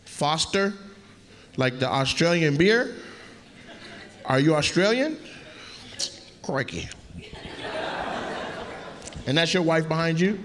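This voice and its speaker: A man's voice: a little high, animated, a little slow, pauses often. A male stand-up comedian doing crowd work, teasing audience members in a brash, profane way. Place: comedy club stage before a laughing audience. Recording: live club audio with loud crowd laughter.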